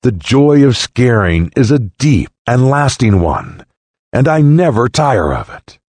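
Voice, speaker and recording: A man's voice: mid-range voice, huge pitch swings, a little slow, darkish tone, husky, no echo, heavily acted. A man voicing a proud male scarecrow in a storybook parable, speaking smugly.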